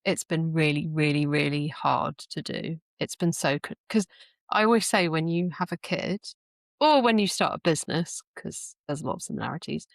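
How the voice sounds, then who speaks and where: A woman with a lowish voice shares stories in a relaxed podcast chat, reflective and laughing easily. The sound is close and dry, with no room around it. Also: normal speed, creaky, no room sound. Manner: reflective storytelling, laughs often. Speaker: podcast speaker. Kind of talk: casual conversation.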